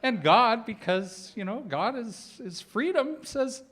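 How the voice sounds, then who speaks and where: Animated middle-aged man giving a talk. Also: very high-pitched, takes it slowly, husky. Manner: conversational storytelling with humorous asides. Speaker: spiritual speaker. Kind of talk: personal sermon talk.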